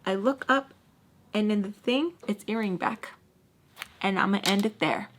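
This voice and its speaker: A young adult woman telling a story to camera in a slangy, animated way, full of fillers and quick asides. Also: medium pitch. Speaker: storytime vlogger. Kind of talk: casual storytime chat.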